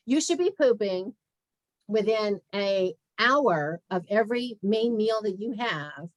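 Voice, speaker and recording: Brief: candid woman health practitioner, mid-pitched, dry close sound, lively storytelling. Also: slow, no room sound, low-quality recording. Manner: candid and animated, acts out conversations. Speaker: guest speaker, health practitioner. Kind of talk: frank personal storytelling in an interview.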